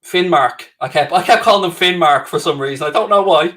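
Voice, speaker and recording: A man's voice: fairly high pitch, brisk, fairly bright tone. A young Irish man hosting a live watchalong stream, reading out viewer comments in cheerful, self-mocking banter. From Ireland. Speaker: livestream host.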